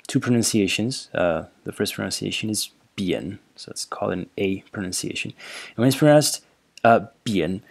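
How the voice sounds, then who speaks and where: Low gravelly-voiced man giving a lecture. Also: fairly quick. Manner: relaxed, with many fillers and repeated words. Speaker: language teacher. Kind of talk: casual lecture over slides.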